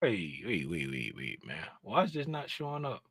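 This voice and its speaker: A man casually walking through a chart on a screen share, thinking out loud and talking to himself in a chatty, animated way. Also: low voice, moderate pace, slightly rough, no echo. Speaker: trading educator.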